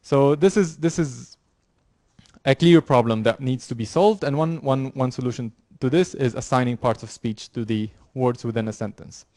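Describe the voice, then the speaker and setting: Explaining ideas to his students, a male university lecturer stumbles along, restarting and leaning on fillers and repeated words. The recording is dry with hardly any echo, capturing a mid-pitched voice that leans dark in tone.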